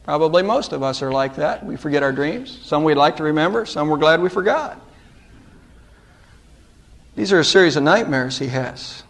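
A middle-aged pastor with a notably high voice delivers his sermon. He lifts his pitch for emphasis and then drops it low and quiet. The talk is dramatic and earnest from the pulpit. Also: expressive, normal speed, long pauses. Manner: dramatic preaching with sharp rises and drops in pitch.

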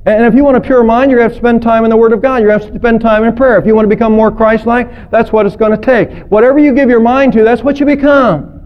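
High-voiced preacher on a muffled recording. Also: male voice, fairly even intonation, fast talker, few pauses. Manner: emphatic, with strings of rhetorical questions. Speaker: pastor. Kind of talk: sermon. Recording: dull lo-fi recording.

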